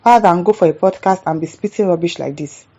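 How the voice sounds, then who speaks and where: A woman's voice: fairly low pitch, quick pace, dark tone, dull audio. A woman with a Nigerian accent hosting a commentary show, reacting to viewer comments in an exasperated, indignant rant.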